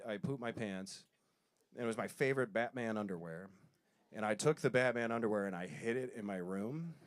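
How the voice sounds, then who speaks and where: A man telling stories in a stand-up comedy set, self-deprecating, with quick asides. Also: mid-range voice.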